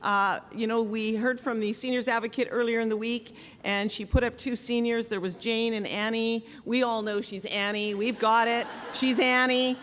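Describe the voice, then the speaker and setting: A woman's voice: on the high side, fairly even intonation, moderate pace, few pauses, a bit bright. A woman, a conference organizer, giving joking thank-you remarks after the keynote. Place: large conference hall. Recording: reverberant hall with audience noise.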